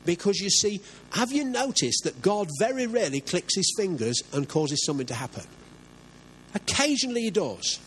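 A man's voice: sits high, big pitch swings, normal speed, slightly rough, low-quality recording. An older man preaching a sermon as pastor, earnest and emphatic, often asking his listeners questions.

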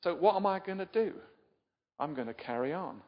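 A man's voice: high voice, lively intonation, fairly quick. An older man from England giving a chatty, informal sermon, often asking his listeners questions and poking fun at himself. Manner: chatty, self-deprecating, asks the audience questions. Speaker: preacher. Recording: muffled sound in a reverberant hall.

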